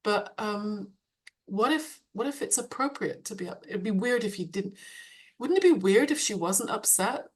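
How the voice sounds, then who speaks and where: A woman's voice: mid-range voice, expressive, moderate pace, breathy edge. Laughing woman coach on a video call. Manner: frequent light laughter, searching restarts. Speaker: coach and author, webinar guest. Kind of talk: reflective conversational talk.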